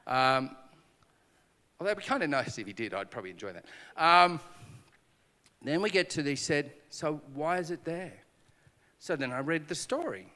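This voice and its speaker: At normal speed, a male pastor with a somewhat high voice preaches in a conference hall, and a long reverb tail hangs after his lines. His sermon mixes animated stories, acted-out dialogue and self-deprecating humor.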